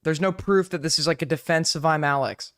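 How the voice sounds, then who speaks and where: A man's voice: fairly high pitch, fairly quick, fairly bright tone, clear, resonant tone. A man hosting a live stream, reacting to a video and arguing back at it, with lots of "like" fillers. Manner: argumentative, many "like" fillers.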